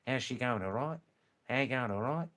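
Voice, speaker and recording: A man's voice: medium pitch, animated, normal speed, a bit bright, close to an everyday voice. A man putting on a drawling broad-Australian bloke. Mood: matey teasing. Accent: broad Australian, put on. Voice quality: nasal, drawled, matey teasing. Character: broad-talking Australian bloke, matey and cheeky. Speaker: live stream host.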